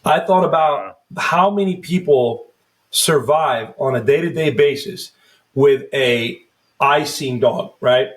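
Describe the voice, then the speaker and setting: A first responder in his thirties hosts a casual podcast, telling profane, rambling stories and slipping into mock voices. He speaks slowly in a medium-pitched voice.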